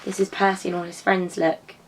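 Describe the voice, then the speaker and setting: A woman who teaches drama to young children, telling a story and prompting them to act it out in an animated, encouraging way. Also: on the low side, fairly quick, gravelly.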